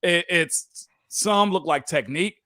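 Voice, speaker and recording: A former football player co-hosts a studio sports talk show, speaking emphatically in casual conversation and calling people "man." His voice is fairly high, pushed and bright, at a measured pace with no echo.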